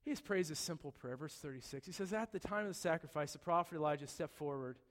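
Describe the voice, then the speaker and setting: A man with a high, light voice preaching to a congregation. He tells the story with playful humor, dropping to a quiet hush and then rising to loud excitement. His words ring out with the long echo of a large hall. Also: fast. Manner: animated storytelling with humor, voice swinging from soft to loud. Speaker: pastor. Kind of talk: sermon.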